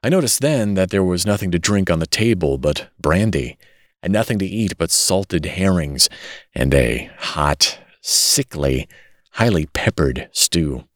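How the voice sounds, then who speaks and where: A man narrating a classic short story as an audiobook reader, in an expressive, dramatic way. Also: low voice, a little slow, dry recording, studio quality. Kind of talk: scripted narration.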